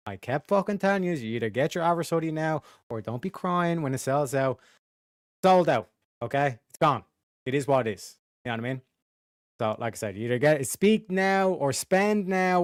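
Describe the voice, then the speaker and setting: A man's voice: fairly high pitch, smooth, no room sound, clean studio sound. A man hosting a casual livestream, reading out chat names and swearing freely. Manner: profane, drawling shout-outs to chat. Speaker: livestream host.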